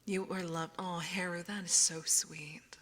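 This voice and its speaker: Chatty woman streamer, low soft voice. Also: steady tone, measured pace, in a large hall, a little hiss or hum. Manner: chatty, often dropping into a soft whisper. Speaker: ASMR streamer. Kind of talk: casual chat with viewers on stream. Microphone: binaural ASMR microphone.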